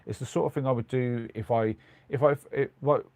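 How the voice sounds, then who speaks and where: A man's voice: medium pitch, fairly even intonation, brisk, vocal fry, darkish tone, no echo. A middle-aged man with a British accent, chatting casually on a live stream, rambling with lots of ums and restarts. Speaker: live streamer in his van. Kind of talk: casual live-stream chat reading comments. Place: small converted van at night.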